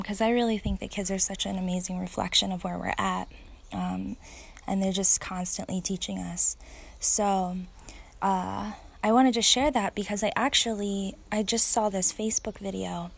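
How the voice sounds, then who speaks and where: Earnest mom talking with a gravelly edge. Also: female voice, medium pitch. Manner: earnest, thoughtful, with many fillers and restarts. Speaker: parent sharing reflections. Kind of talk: casual spoken reflection. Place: outdoors.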